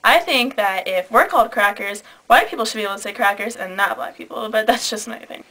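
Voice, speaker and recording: A woman's voice: a little high, fast talker, bright, forceful tone, low-quality recording. A teenage girl ranting to camera, blunt and sarcastic, with plenty of swearing. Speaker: vlogger. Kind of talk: casual rant to camera.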